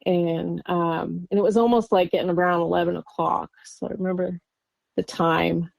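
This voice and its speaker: A woman's voice: fairly low pitch, fairly even intonation, normal speed, vocal fry, darkish tone, no room sound. A woman from Oregon, a guest on an interview podcast, recounting a personal encounter in a rambling way with lots of fillers and nervous laughs. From Oregon, USA. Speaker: guest witness.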